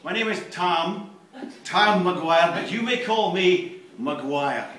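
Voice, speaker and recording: A man's voice: high-pitched, animated, takes it slowly, a bit bright, pitched above the performer's own voice, exaggerated voice. A man voicing a mad, bald, ageless male housemaster with an Aberdonian Doric accent, stiffly formal and mocking, in an echoey room. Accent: Aberdonian Scots (Doric). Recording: echoey room, distant mic, background noise.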